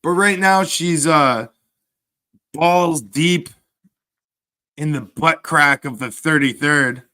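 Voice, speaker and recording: Slow, sarcastic man streaming. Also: a little high, pushed and bright. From Canada. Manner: sarcastic, crude, slow drawl. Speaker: livestreamer. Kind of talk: profane livestream banter reading chat.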